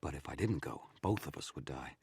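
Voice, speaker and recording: Very deep husky male narrator. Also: lively intonation, brisk, a little mellow, no echo. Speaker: streamer reading a novel aloud. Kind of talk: audiobook narration, live stream.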